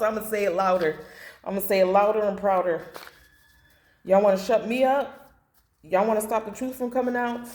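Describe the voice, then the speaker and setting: A woman's voice: mid-range voice, mellow. A woman doing a blunt, emotional tarot reading to camera, repeating phrases and swearing. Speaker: tarot reader. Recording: echoey room.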